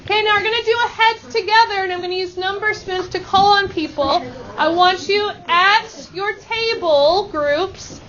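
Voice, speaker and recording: A woman math teacher leading a lesson with brisk, upbeat instructions and call-and-response countdowns. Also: very high-pitched, a bit bright. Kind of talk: classroom instruction. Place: school classroom. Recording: dull lo-fi classroom recording with student chatter.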